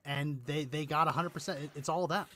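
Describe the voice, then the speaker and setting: A man's voice: on the high side, fairly even intonation, a little fast, pushed and bright. A man hosting a casual political chat show, meandering and restarting his sentences with the odd chuckle. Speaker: podcast co-host.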